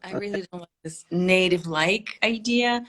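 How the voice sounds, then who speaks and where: A woman's voice: lowish voice, normal speed, a bit bright. A woman from Russia with a Russian mother tongue, speaking as a guest linguist on a livestream and explaining things confidently. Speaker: guest linguist and accent coach. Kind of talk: livestream interview.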